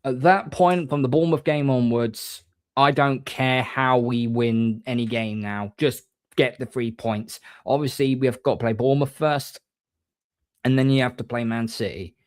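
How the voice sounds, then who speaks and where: A man hosting a casual livestream, reading viewer comments and giving shout-outs in a rambling, chatty way. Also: mid-range voice, normal speed, no echo. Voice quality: rambling, frequent restarts, mate-and-bro shout-outs. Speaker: livestream host.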